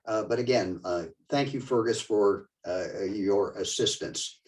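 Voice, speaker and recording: A man's voice: fairly low pitch, darkish tone. Older man lecturing from a distant mic. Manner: conversational, digressive, halting. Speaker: museum lecturer. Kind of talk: slide-show history talk.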